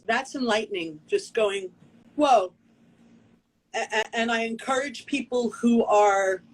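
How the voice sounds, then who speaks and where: An American woman guest on a video call tells her stories with earnest feeling, slipping into little voices for the people she quotes. Her voice is husky and sits in the middle of the range. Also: medium pitch, low-quality recording. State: tearful. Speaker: guest performance artist. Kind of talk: casual interview storytelling.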